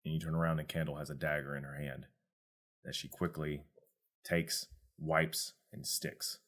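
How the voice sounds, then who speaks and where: A man narrating as game master of a tabletop game, relaxed and descriptive. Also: a bass voice, moderate pace.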